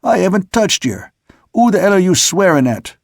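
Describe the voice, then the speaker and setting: A rough sailor snaps back in protest, pitched up and indignant, as a male narrator puts him on. His gravelly, husky voice cuts through with a sharp, defensive edge. The recording is close and dry. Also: animated, slow, no room sound, exaggerated voice. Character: startled male sailor denying blame.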